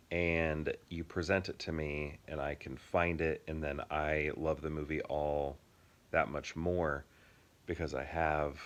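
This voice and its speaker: A man in his thirties co-hosting a casual chat, easygoing and quick to laugh, with long rambling explanations. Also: extremely low pitch. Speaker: podcast co-host.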